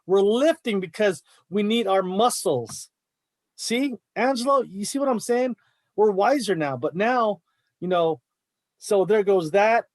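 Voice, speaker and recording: A man's voice: high-pitched, darkish tone, no room sound. A middle-aged man, a martial arts coach, talking in a fired-up, emphatic way on a podcast. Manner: fired-up, emphatic, says bro a lot. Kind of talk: casual podcast chat.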